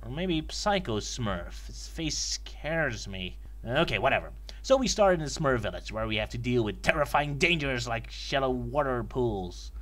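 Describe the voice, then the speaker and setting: A man giving a sarcastic comedic review of an old video game, mock-excited and yelping at it. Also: mid-range voice, normal speed, hardly any pauses.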